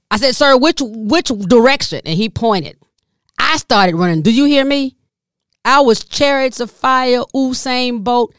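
Podcast host, woman, middle-aged, unhurried storyteller, smooth voice, dry close sound. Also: no echo. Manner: animated, addresses listeners as y'all, voice drops low and soft when moved.

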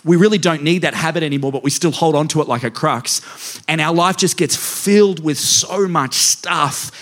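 A man's voice: a little high, normal speed, a bit bright. Playful man preaching with jokes. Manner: playful, self-mocking, addresses the congregation directly. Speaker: pastor. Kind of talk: humorous sermon with personal stories. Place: church.

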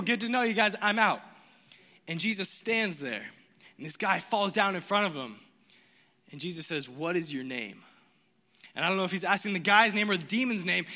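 High, bright-voiced man preaching animatedly. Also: in a large hall. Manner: animated storytelling, acts out voices. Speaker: pastor. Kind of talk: sermon.

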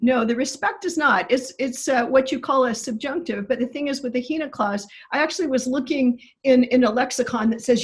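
A woman with a somewhat high, husky voice explains the grammar of a Greek text. She talks in a careful, technical way. Her sentences often stop and restart. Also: a little fast, few pauses. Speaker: biblical Greek scholar. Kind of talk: explanatory interview talk.

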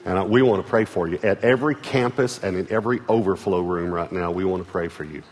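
Texan pastor preaching in a big hall. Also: male voice, low-pitched, quick pace. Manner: earnest, repeats words, swings from loud calls to hushed lines. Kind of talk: sermon. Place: large church auditorium. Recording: large hall reverb with soft music.

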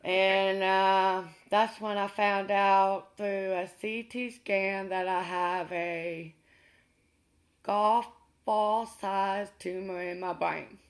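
A woman recounting a personal experience in an interview, earnest and unhurried, with pauses and restarts. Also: medium pitch, fairly even intonation.

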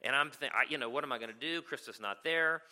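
Bright-voiced male pastor telling a story. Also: mid-range voice, quick pace. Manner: storytelling, keeps asking "right?". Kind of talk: sermon.

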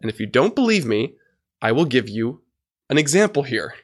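A man's voice: medium pitch, big pitch swings, normal speed, slightly rough. A man hosting an instructional podcast, explaining listening skills and demonstrating changes in his volume and speed. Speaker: podcast host and coach.

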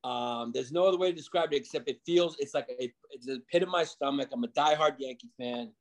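A man's voice: medium pitch, fairly quick. A man who is a comedian guest, talking in a rambling, casual way with lots of fillers and restarts. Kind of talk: casual podcast chat.

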